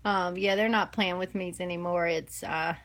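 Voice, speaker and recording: A woman's voice: on the low side, fairly even intonation, normal speed, a bit bright, poor audio. A woman with a Southern US accent chatting casually on a live stream, laughing often and teasing. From American South.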